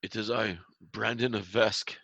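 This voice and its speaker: A man's voice: lowish voice, fairly even intonation, measured pace, vocal fry, pushed and bright, dry recording, lo-fi sound, full character voice. A man voicing a frightened male cultist who pleads for his soul and swears obedience. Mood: pleading. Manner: pleading, fearful.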